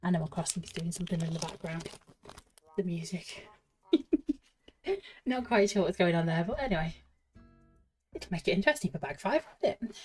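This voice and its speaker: A woman's voice: on the low side, lively intonation, normal speed, pauses often, slightly rough, faint music behind. A woman chatting and giggling to herself while building a Lego set, slightly out of breath. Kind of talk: casual build commentary.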